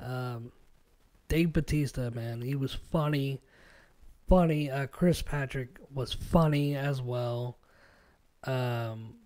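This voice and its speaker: Rambling, profane man on a podcast. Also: on the high side. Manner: rambling, profane, animated storytelling. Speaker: podcast host. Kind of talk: casual chat.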